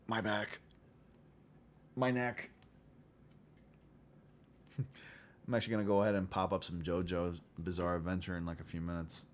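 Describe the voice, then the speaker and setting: A man's voice: deep voice, little pitch movement, a little slow, pauses often, slight background noise. A man hosting a casual livestream chat, rambling with lots of filler words and chuckling often. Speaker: livestream host.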